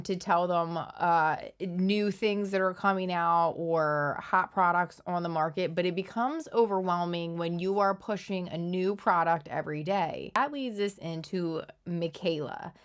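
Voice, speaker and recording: A woman with a Philadelphia accent talks in a casual, analytical way. Her voice is smooth and clear, pitched a bit low. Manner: conversational, opinionated, analytical. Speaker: commentary channel host. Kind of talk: casual commentary.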